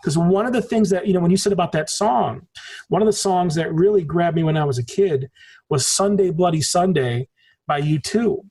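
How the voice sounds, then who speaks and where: High-pitched, mellow, and breathy at the edges, this American podcast guest in his 40s speaks at normal speed. He rambles through stories with emphasis and plenty of swearing in casual conversation.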